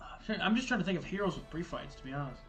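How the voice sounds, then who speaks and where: A man commentates his game casually, thinking aloud and cursing when things go wrong. His voice sits slightly high. Faint game music plays behind him. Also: lively intonation, quick pace. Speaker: gaming streamer.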